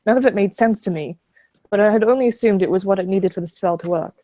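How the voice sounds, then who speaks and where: A woman's voice: medium pitch, fast, mellow, no echo. A woman streamer reading first-person visual novel narration aloud on a close home mic.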